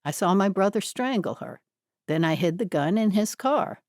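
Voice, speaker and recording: A woman voicing a shifty, menacing young man who turns defensive and talks faster when cornered. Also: medium pitch, sing-song, darkish tone, no room sound, studio quality.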